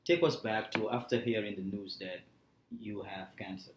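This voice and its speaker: A man hosting a podcast, asking calm, probing questions. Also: lowish voice, normal speed. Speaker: podcast host. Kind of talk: interview questions. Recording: echoey room with faint background noise.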